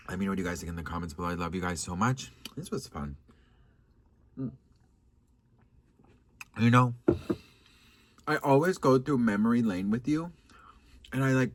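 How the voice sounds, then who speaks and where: A man telling dating stories to his viewers in a casual, sassy, dramatic way, swearing and changing his pitch often. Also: breathy edge. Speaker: vlogger. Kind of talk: casual storytime chat.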